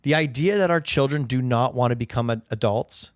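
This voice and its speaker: A man's voice: mid-range voice, brisk, no room sound, studio quality. A man in his thirties co-hosting a casual podcast, telling reflective stories about his kids. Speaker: podcast co-host. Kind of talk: casual chat.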